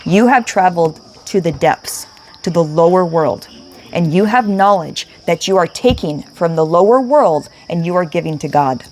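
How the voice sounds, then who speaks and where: A woman's voice: lowish voice, expressive, moderate pace, darkish tone, a little hiss or hum. A woman giving an emotional spiritual tarot reading, speaking emphatically, repeating herself and swearing casually. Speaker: tarot reader.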